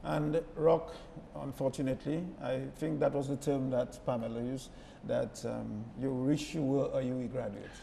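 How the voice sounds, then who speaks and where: A man hosting a broadcast panel discussion, jovial and halting, with frequent restarts. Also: mid-range voice, fairly even intonation, vocal fry, mellow. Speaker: host. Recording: noisy roomy hall.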